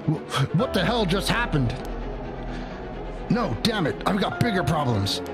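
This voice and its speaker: A man hosting a let's play, reacting with excitable and sarcastic energy. His voice swings widely in pitch as he hams up his reactions. Game music runs clearly underneath. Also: unhurried. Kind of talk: joking gameplay commentary.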